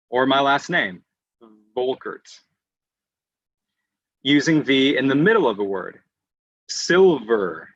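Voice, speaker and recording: Brief: male English teacher, patient online lecture full of "um"s, bright tone, dry and slightly muffled call audio. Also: medium pitch, no echo. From United States. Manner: patient explainer who often restarts phrases and fills with "um".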